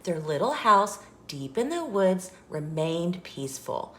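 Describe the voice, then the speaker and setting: Slow, lively woman reading a picture book. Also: fairly low pitch. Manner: slow, expressive storytelling. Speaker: children's story reader and host. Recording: echoey room.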